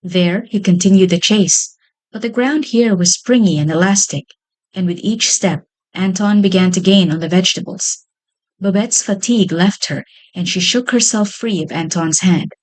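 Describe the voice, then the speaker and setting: A woman storyteller reads a children's tale aloud, her pitch sitting in a middle range. She keeps a gentle, even pace that is suited to bedtime listening. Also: moderate pace, low-quality recording.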